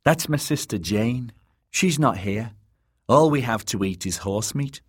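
A man's voice: mid-range voice, animated, measured pace, slightly rough, pitched above the performer's own voice. A man voicing a wary, blunt ten-year-old girl who runs an inn, read as an audiobook character. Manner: blunt, suspicious.

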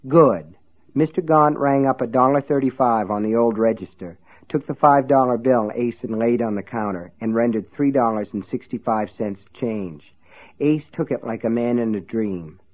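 A man reading a novel aloud as narrator in a steady storytelling voice. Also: mid-range voice, normal speed, narrow, tinny audio. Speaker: audiobook narrator. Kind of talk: scripted narration.

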